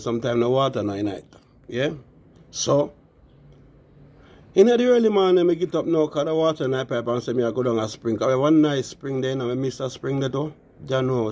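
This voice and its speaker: A Jamaican man tells a story in loose patois, his voice set a little higher than most men's. It has a husky, gravelly grain, and he keeps tagging his lines with "you know" and calling out to the listeners as "people". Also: a little mellow. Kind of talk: casual storytelling.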